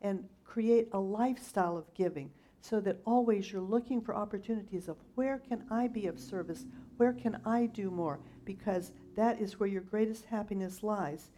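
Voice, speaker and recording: Woman minister doing a sermon, chatty storyteller vibe, soft mellow voice, mid pitch. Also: normal speed, few pauses, slight background noise. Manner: conversational storytelling.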